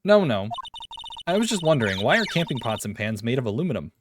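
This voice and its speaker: A man's voice: mid-range voice, sing-song, quick pace, background noise, natural voice. A man doing a chirpy young woman sidekick. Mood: playful. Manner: chirpy, playful questions.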